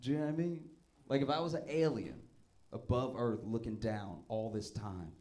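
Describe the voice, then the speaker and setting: Laughing stand-up comedian man. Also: moderate pace. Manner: animated storytelling, often laughing, jumps to loud high punchlines.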